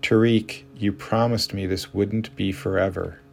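A man's voice: low-pitched, steady tone, unhurried, gravelly, slight background noise. A man voicing a frustrated adult wife, speaking in a raised, insistent and pleading tone.

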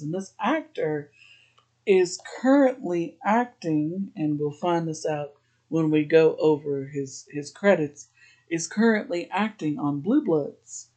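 A man's voice: a little high, darkish tone. Chatty man recapping a TV episode. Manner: chatty, laughs often, uses "like" a lot. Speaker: podcast host.

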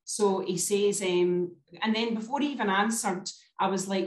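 A woman's voice: mid-range voice, steady tone, normal speed, hardly any pauses. Chatty woman telling a story. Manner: chatty storyteller, often adds "do you know what I mean". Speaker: guest. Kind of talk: casual chat. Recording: roomy echo.

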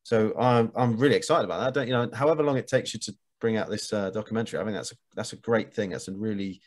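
A man's voice: on the low side, quick pace. A man hosting a podcast, talking in an enthusiastic, encouraging way. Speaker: podcast host. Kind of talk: casual conversation.

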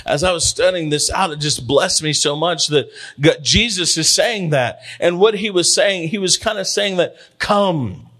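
A male preacher delivering a Sunday sermon with a slightly higher voice than most men. He drives his points home by repeating phrases and slowing down on key words. Shouts of "hallelujah" and "come on" punctuate his preaching. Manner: emphatic, repetitive calls with drawn-out words for stress; frequent interjections of "come on" and "hallelujah". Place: church sanctuary.

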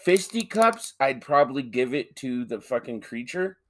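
Man, podcast co-host, casual banter, swears a lot, animated arguing, mid-pitched voice. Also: normal speed.

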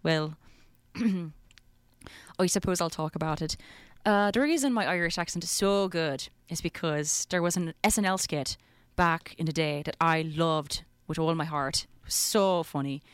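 A woman's voice: sits low, normal speed, clear, resonant tone, no room sound. A woman co-hosting a casual radio show, bubbly and joking, explaining things with enthusiasm. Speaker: college radio co-host. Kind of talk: casual chat.

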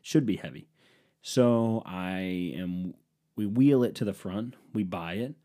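Man, comedic storytelling, rambling, profane, self-deprecating, low-pitched, warm mellow tone. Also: slow pace.

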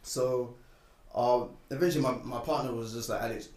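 A young man recounts a personal story in a relaxed, conversational way. He sounds set back from the mic in a roomy space, and his voice jumps up sharply when he gets indignant. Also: mid-range voice, moderate pace, recorded from a distance. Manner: animated, rising and loud when indignant. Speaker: guest telling a personal story. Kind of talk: casual storytelling chat.

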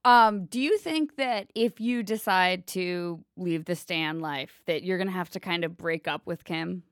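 A woman's voice: fairly low pitch, unhurried, no echo, clean studio sound. A woman hosting a podcast interview in a playful, teasing way. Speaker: podcast host. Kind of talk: casual interview.

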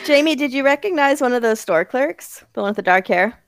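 A woman's voice: sits high, expressive, a little fast, no echo, studio quality. A woman co-hosting a podcast, easygoing and sharing horror film trivia. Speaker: podcast co-host. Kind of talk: casual chat about a horror film.

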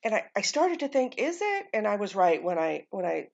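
A woman's voice: medium pitch, very animated, brisk, vocal fry, a little mellow, highs cut off. An American woman hosting a casual solo podcast, rambling through her thoughts with lots of ums and casual swearing. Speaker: podcast host.

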